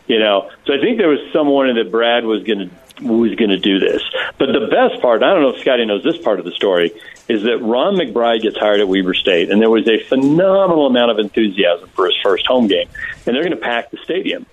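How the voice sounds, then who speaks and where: A man calling in to a radio show, telling a story in an animated, laughing way. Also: mid-range voice, fairly quick. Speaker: radio show guest on phone. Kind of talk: casual storytelling. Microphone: phone. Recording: tinny phone line.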